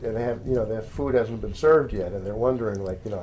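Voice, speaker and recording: Chatty low-voiced man recommending outings. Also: quick pace, hardly any pauses, darkish tone, a little hiss or hum. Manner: chatty and rambling, many fillers, addresses listeners as folks. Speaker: magazine editor giving weekend picks. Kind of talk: casual spoken recommendations.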